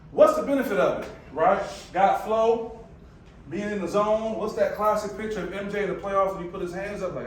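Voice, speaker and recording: A man with a Michigan accent giving a motivational talk to a live audience, telling stories in a conversational, animated way with asides to the crowd. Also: a little high, a little hiss or hum. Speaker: speaker presenting to a live audience. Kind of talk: motivational presentation. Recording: echoey room, voice from far off.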